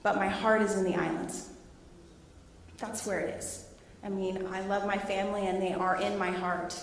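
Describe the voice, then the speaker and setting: A middle-aged woman, a teacher, presenting her research to students and taking questions in a lively, laughing way. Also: mid-range voice, normal speed, creaky, slight background noise. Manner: animated, laughing storyteller. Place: large echoey hall. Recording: echoey hall, voice from a distance.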